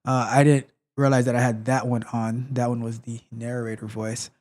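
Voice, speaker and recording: A man's voice: medium pitch, little pitch movement, moderate pace, a little mellow. A man hosting a live tech tutorial stream, chatting casually and greeting viewers in the chat. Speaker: host.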